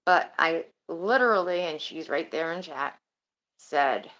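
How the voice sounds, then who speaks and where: Lowish-voiced woman rambling to her stream chat, swears a bit, kinda muffled sound. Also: expressive, measured pace, a bit bright. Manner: rambling and chatty, swears casually. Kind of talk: casual livestream chat.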